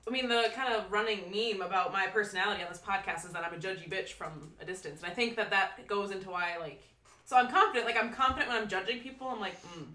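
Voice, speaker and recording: A woman's voice: mid-range voice, fast talker, sharp tone. A woman co-hosting a podcast in casual chat, rambling with lots of fillers. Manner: rambling, filler-heavy talk. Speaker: podcast co-host. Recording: echoey room with faint noise.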